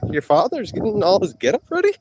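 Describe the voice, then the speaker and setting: A man's voice: high-pitched, huge pitch swings, fast talker, background noise. A man rambling and trash-talking in a joking way during a live stream outdoors. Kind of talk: rambling live-stream chat while jogging.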